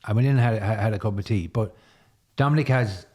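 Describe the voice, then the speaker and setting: A man's voice: on the low side, fast, mellow, husky. A middle-aged man with an Irish accent, a podcast guest telling stories in a rambling way that repeats words. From Ireland, Tipperary. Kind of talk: casual storytelling chat.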